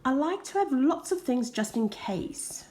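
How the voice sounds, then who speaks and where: A woman reading a children's picture book aloud in a slow, unhurried way. Her voice sits fairly high, and she drops into soft whispered asides for effect. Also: expressive. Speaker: storybook reader.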